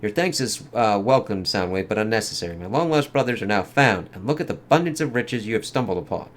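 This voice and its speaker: A man's voice: fairly low pitch, lively intonation, fast talker, natural voice. A man reading aloud the lines of a boastful, menacing male robot warlord from a comic, in a gloating, mocking way.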